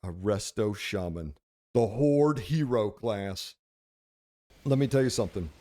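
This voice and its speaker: A man's voice: fairly low pitch, expressive, a little slow, warm tone. A man hosting a casual game commentary video, brash and profane, slipping into mock-preachy pronouncements. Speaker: host.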